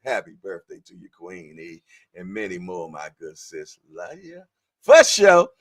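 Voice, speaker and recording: A man's voice: low-pitched, huge pitch swings, normal speed, dry recording, clean studio sound. A man hosting a casual live-stream boxing show, talking in laid-back slangy banter. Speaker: boxing news show host.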